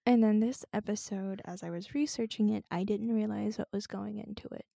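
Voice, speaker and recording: A woman co-hosting a podcast, talking in a measured, reflective and gently comforting way. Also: mid-range voice, fairly even intonation, gravelly, no echo. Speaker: podcast co-host. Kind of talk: casual chat.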